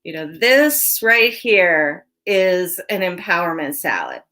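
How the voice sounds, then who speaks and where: A woman's voice: on the low side, sing-song, slow pace, pushed and bright. A woman hosting a casual tarot reading, talking in a chatty way with lots of "you know" and laughing at herself. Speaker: tarot reader and host.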